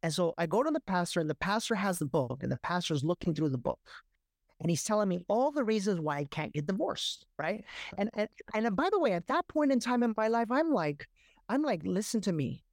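A man's voice: high-pitched, animated, brisk, dry recording. Brief: male guest, emphatic storyteller, dry close sound. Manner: emphatic, repeats words, frequent "right?" and "you know". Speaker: guest, life coach. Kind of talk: animated personal storytelling.

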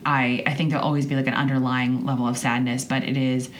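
Woman in her twenties, really deep voice, rambling candid podcast talk, swears a bit, faint hiss behind her. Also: level tone, fast. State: choked up. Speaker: podcast host. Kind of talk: personal monologue.

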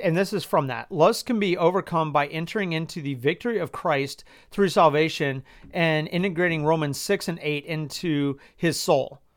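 A man hosting his own podcast speaks in a voice on the high side with a fairly bright tone. He sounds exasperated and incredulous, firing off rhetorical questions, swearing often, and restarting his sentences.

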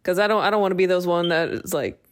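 A young woman co-hosting a podcast, quick to react and laughing often in casual chat. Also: fairly low pitch. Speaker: podcast co-host.

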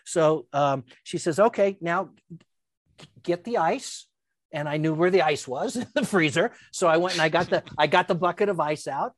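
A woman's voice: low voice, a little fast, hardly any pauses, dry recording. Older woman guest, chatty storyteller, stumbles over words, dry close sound. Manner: lively, stammering restarts, acts out quotes. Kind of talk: casual anecdote.

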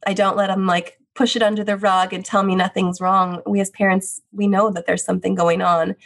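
A woman's voice: mid-range voice, level tone, brisk, fairly bright tone. Earnest widowed mother talking openly. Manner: earnest, open, repeats phrases like "the reality is". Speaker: children's book author and widowed mother. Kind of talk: heartfelt interview answers.

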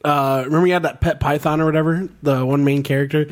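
High voiced podcast dude, excitable, cusses, laughs a lot while telling movie bits. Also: male voice, fast talker. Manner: excitable, laughs while retelling movie scenes, swears casually. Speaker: podcast host. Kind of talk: casual chat.

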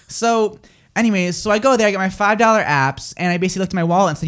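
A man's voice: sits high, a bit bright, clean tone. A man hosts a radio segment, timing turns and keeping the score. He teases his co-hosts bluntly and stays businesslike between the laughs. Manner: brisk, teasing, keeps score. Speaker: radio host running the game. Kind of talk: casual banter on a radio show.

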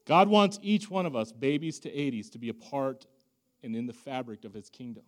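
A man preaching a sermon as a pastor, swinging from loud emphasis to hushed asides in a conversational, self-deprecating way. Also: medium pitch, expressive, fairly quick.

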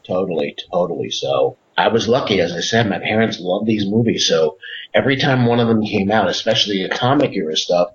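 A man's voice: on the low side, lively intonation, brisk. A man guesting on a podcast, telling rambling, enthusiastic stories with lots of fillers and restarts. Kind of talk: casual interview chat. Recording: dull lo-fi audio.

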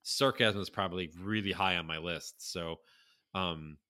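A man with a deep voice and a bright, pushing tone talks loosely on a podcast. He rambles, swears freely and bursts into lively impressions when he quotes someone. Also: moderate pace. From North Carolina. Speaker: podcast co-host. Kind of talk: casual chat.

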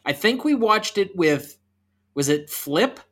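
Taking things slowly, this man speaks in a high-pitched, sing-song voice that's a bit bright. He's a thirties-aged co-host of a casual movie podcast, chatty and leading the conversation with trivia.

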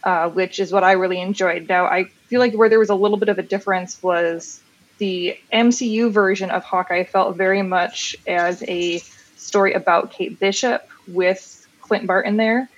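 A woman's voice: mid-range voice, steady tone, normal speed, dull audio. A woman chatting enthusiastically about comics and a TV series, rambling a little with fillers. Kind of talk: casual chat about comics and TV.

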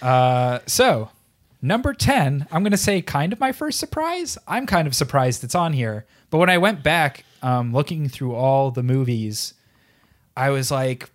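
A man's voice: mid-range voice, very animated, measured pace. A man co-hosting a podcast, casually rambling and acting out his own past thoughts. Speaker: podcast co-host. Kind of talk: casual chat.

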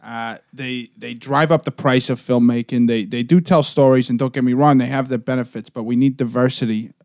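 A man's voice: steady tone, brisk, darkish tone, dry recording. Brash, profane man, dry close sound. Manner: brash, profane, pitching a story. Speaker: debater. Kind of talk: comedic improvised debate.

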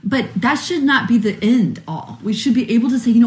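A woman's voice: fairly high pitch, expressive, fairly quick, darkish tone, roomy sound. A woman co-host in casual chat, often chiming in with short agreeing remarks. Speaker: podcast co-host.

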